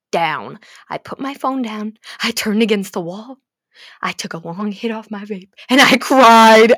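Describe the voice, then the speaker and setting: A woman's voice: a little high, animated, moderate pace, no echo. Dramatic young woman ranting, dry close sound. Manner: dramatic, swings between gasps, whispers and shouting; swears freely, talks to viewers directly. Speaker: fanfiction vlogger. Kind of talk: emotional casual rant about a book.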